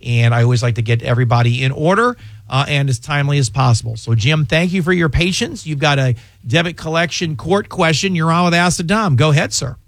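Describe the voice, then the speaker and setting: A man's voice: fairly high pitch, brisk, no echo. A man hosting a radio call-in show as an attorney, talking casually and telling stories with jokey asides, in a radio studio. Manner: chatty, storytelling, jokey asides.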